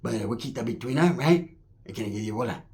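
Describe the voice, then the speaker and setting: A man's voice: medium pitch, expressive, fast talker, a little mellow. A man with a Californian accent telling a rambling, profane street story full of slang and acted-out quotes.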